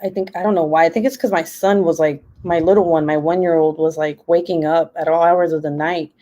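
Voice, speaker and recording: A young woman talks into her laptop from home, casual and rambling. Her voice is warm and mellow, and she laughs easily between her "like"s. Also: deep voice, fairly even intonation, a little fast. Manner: chatty, many "like" fillers, laughs often. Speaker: live stream host. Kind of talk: casual chat while crafting.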